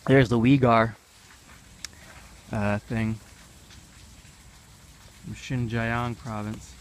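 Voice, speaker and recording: A man's voice: medium pitch, fairly even intonation, very slow, a little hiss or hum. An American man in his young adult years, giving a rambling, jokey commentary as he walks through an outdoor park. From United States. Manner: rambling, offhand, jokey asides. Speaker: travel vlogger. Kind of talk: casual walking commentary. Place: outdoor park with animal pens.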